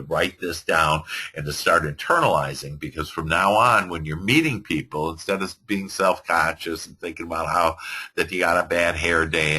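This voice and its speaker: A man teaching a motivational seminar to a class, rambling and animated, laughing often. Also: sits low, breathy edge. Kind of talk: motivational lecture.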